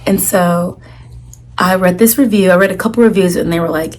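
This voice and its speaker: A woman's voice: lowish voice, brisk, slight background noise. Chatty young woman telling a story. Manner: chatty, animated retelling with lots of "like" and quoted dialogue. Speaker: vlogger. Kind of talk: casual storytelling to camera.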